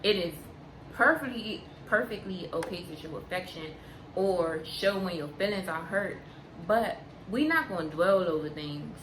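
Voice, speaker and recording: A young woman vlogger chatting candidly to camera, unhurried and frank, repeating her points for emphasis. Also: on the low side. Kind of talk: candid casual chat to camera. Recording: roomy sound with steady background noise.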